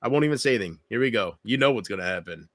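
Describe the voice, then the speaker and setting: A man chats on his own livestream from home, rambling and poking fun at himself as he talks to his viewers. His pitch rises and falls in lively swings. The sound is close and dry, with no room echo. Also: racing. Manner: rambling, self-deprecating, talks to chat directly. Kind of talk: casual livestream chat. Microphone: computer mic with headphones.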